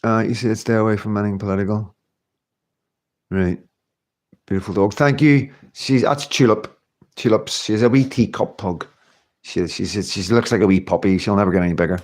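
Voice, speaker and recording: A man's voice: on the low side, moderate pace, a little mellow. A middle-aged man with a Scottish accent hosting his own livestream, chatting casually and reading out viewer comments, with lots of fillers and rambling asides. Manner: rambling, chatty, laughs often, many fillers. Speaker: livestream host.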